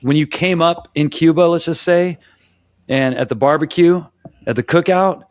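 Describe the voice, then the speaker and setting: A man's voice: on the high side, normal speed, no echo. American man talking rhythm, dry sound. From United States. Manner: demonstrative, counts beats and vocalizes rhythms aloud; conversational, with frequent restarts. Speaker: podcast co-host. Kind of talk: casual discussion.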